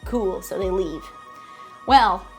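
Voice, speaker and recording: A woman's voice: a little high, measured pace, faint music behind. A woman hosting a casual book club recap, chatty with lots of fillers and some swearing. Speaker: host.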